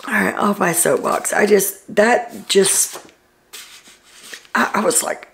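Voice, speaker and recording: Female recap host, slow and gravelly, chatty and opinionated, casual. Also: mid-range voice, expressive. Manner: chatty, opinionated, loose retelling with fillers.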